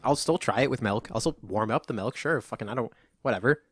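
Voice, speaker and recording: A man's voice: mid-range voice, quick pace, a bit bright, slightly rough, no room sound, clean studio sound. A young man co-hosting a casual podcast chat, laid-back, swearing often and restarting his sentences. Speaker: podcast co-host.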